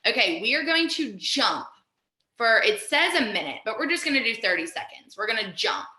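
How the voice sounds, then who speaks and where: Upbeat, bright-voiced woman teacher on a roomy call. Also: fairly high pitch, sing-song, moderate pace. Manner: upbeat, encouraging, talks straight to students. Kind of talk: guided mindfulness lesson over video call. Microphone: video call. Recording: roomy echo over a video call.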